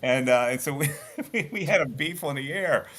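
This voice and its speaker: A man's voice: on the high side, moderate pace, husky. A middle-aged man, a former sports radio host telling stories bluntly in a casual podcast chat. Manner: animated storyteller, blunt, lots of restarts.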